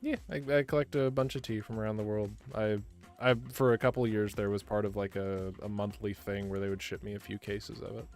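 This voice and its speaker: A man's voice: lowish voice, flat delivery, brisk, a little mellow, faint music behind. A man co-hosting a livestream, chatting casually and reading out viewer comments, self-deprecating and laughing often.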